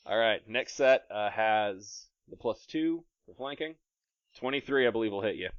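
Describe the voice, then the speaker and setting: A man running a tabletop game as game master, playful and narrating combat with quick asides. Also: lowish voice, animated, smooth, dry recording. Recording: dry, slightly dull podcast mic.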